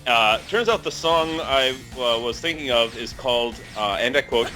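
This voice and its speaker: A man's voice: medium pitch, animated, normal speed, pushed and bright, soft background music. A man chatting casually on a group commentary track, rambling and apologetic. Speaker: commentary participant.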